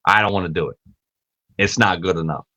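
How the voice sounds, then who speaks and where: A man hosting his own podcast, talking in a casual, animated monologue. He swears freely, stumbles over repeated words and acts out the voices he quotes. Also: fairly quick. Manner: acts out quoted voices with big pitch jumps. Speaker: podcast host.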